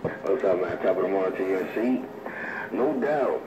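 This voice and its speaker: A man's voice: sits low, animated, normal speed, a crowd in the background. A man guest cracking crude jokes in loose banter. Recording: echoey, distant, muffled line with noise.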